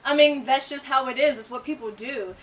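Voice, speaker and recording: High-voiced excitable woman, off-mic. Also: brisk, recorded from a distance, a crowd in the background. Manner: excitable, laughs often, goes high when mocking critics. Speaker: co-host of a movie review show. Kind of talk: casual chat. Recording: voice from away from the mic.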